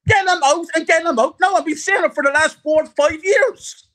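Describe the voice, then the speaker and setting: A man's voice: very high-pitched, normal speed, a bit bright. A middle-aged man ranting angrily about his football club, repeating himself as he vents. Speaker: guest fan. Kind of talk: heated fan rant.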